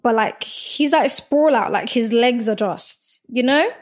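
A woman's voice: fairly high pitch, unhurried. A woman co-hosting a podcast, telling a story in casual chat and laughing as she goes. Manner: animated, laughs while telling stories. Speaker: podcast co-host.

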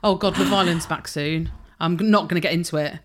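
A woman's voice: on the low side, steady tone, brisk, very noisy. A woman co-hosting a podcast, cheeky and enthusiastic in casual chat. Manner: cheeky, enthusiastic, laughs a lot. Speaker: podcast co-host.

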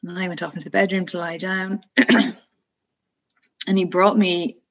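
A woman in her thirties telling a personal story in a relaxed, chatty way, often saying "like" and "you know" and laughing between phrases. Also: on the low side, normal speed, highs cut off. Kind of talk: casual storytelling interview.

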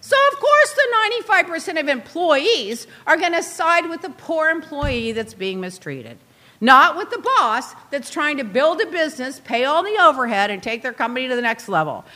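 A woman in a casual chat, telling a story in an animated, indignant way with quick asides. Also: sits high. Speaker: guest recounting reality show events.

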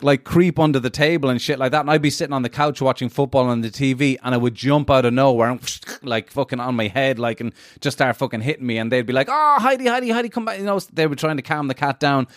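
A man's voice: mid-range voice, steady tone, fast talker, few pauses, dry recording, clean studio sound. A young man chatting on a podcast, telling a rambling story with laughs and swearing. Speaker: podcast guest. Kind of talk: casual chat.

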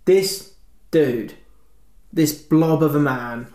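A man's voice: fairly high pitch, extremely slow. A man co-hosting a podcast, telling a long rambling story in casual chat. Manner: rambling animated storytelling, acts out shouts. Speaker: podcast co-host. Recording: echoey room with faint noise.

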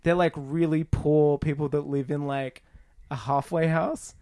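Rambling man with a fairly high voice. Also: fairly even intonation, unhurried, darkish tone. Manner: rambling, restarts often, laughs at own jokes. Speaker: podcast co-host. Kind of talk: casual film chat.

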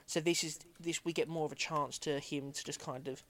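A man's voice: on the high side, fairly even intonation, brisk, a bit bright. A man co-hosting a podcast in casual chat, thinking aloud and rambling. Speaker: podcast co-host.

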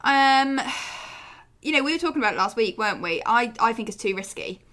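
A woman's voice: on the high side, expressive, a little fast, a bit bright. A woman co-hosting a casual political chat podcast, with wry, dry understatement. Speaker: podcast co-host.

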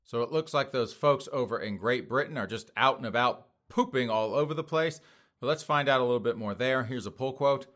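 A man's voice: mid-range voice, fairly quick, a bit bright. A man hosting a casual news commentary show, talking to his listeners as folks in a mocking, sarcastic way and chuckling often.

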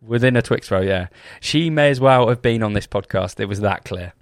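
A man's voice: on the low side, normal speed, no room sound, clean studio sound. Podcast co-host: young British man, casual and sweary, a bit of grit in the voice. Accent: British English. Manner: swears freely, laughs at his own stories. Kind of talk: casual chat.

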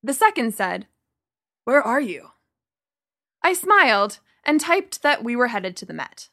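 A young woman narrating a first-person story in an animated, expressive way. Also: on the high side, moderate pace.

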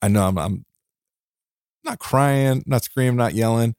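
A man hosting a podcast alone, talking in an earnest, heartfelt way, emotional and near tears, often restarting and laughing softly. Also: mid-range voice, measured pace, no echo, studio quality. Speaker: podcast host. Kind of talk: reflective solo podcast monologue.

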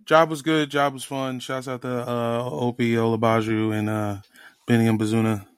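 A man co-hosting a casual podcast chat, animated and excitable, swearing casually. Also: medium pitch, normal speed, clean tone, no echo, studio quality. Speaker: podcast co-host.

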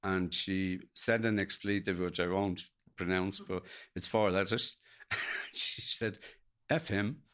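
A middle-aged Irish man, a podcast guest, telling an emotional personal story in a halting way, acting out what others said to him. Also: deep voice, fairly bright tone. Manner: gravelly, halting, retells dialogue in quotes.

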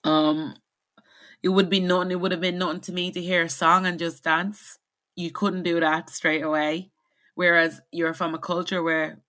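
A woman's voice: on the low side, flat delivery, moderate pace, fairly bright tone. A young woman, raised in the Caribbean, speaking candidly and reflectively as an interview guest. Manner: candid and reflective, many restarts. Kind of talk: conversational interview.

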